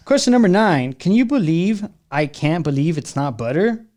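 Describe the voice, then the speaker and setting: A man's voice: on the high side, very animated, moderate pace, darkish tone. A man hosting a casual podcast interview, laid-back and jokey, full of slang and "bro.". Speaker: podcast host.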